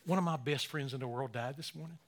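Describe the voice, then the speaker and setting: A pastor in his sixties delivers an emotional sermon in a mid-range voice. He sinks to near-whispers, then climbs to loud, fervent emphasis, slowing down on key phrases.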